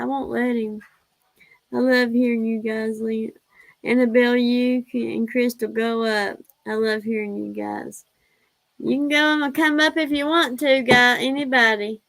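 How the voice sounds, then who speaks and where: Lady on a livestream, chatty, fussing at her pets, slow easy talk. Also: a little high, steady tone, gravelly, fairly bright tone, poor audio. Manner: chatty, scolds her pets fondly, laughs often. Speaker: livestream host. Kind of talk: casual livestream chat.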